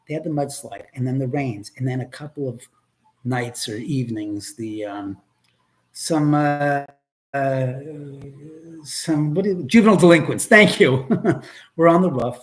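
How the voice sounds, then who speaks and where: Male live-stream host, raised and very expressive pitch, rambling and profane. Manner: animated, profane, reads viewer comments aloud.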